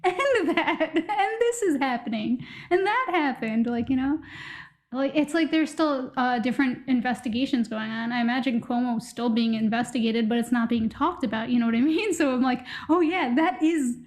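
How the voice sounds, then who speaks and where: A woman's voice: high-pitched, normal speed. A woman co-hosting a podcast, musing at length in casual chat with light laughs. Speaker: podcast co-host.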